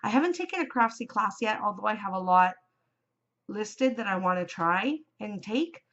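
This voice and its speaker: A woman's voice: medium pitch, animated, normal speed, a bit bright. Woman, 40s, craft podcast host; effusive, laughs easily; muffled lo-fi recording. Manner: gushing and chatty, often breaking into laughter. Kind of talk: casual chat.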